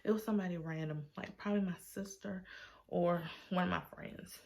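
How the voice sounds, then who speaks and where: A woman, talking in an animated, sassy way as she retells an argument. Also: fairly low pitch, brisk, gravelly. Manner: animated, acts out quotes in a sassy tone. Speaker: storytime vlogger. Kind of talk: casual storytime vlog.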